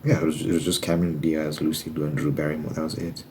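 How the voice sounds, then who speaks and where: A young man with an extremely deep, low voice rambles loosely in a casual ASMR chat, dropping the occasional swear word. Clear noise sits under the recording, with tapping and shuffled cards behind him. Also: level tone, fast, a little mellow. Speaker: ASMR creator. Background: tapping and card shuffling noise.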